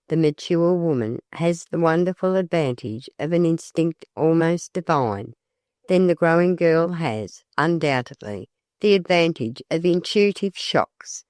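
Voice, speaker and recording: An audiobook narrator giving a measured, even scripted reading of a classic novel. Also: mid-range voice, no room sound, clean studio sound.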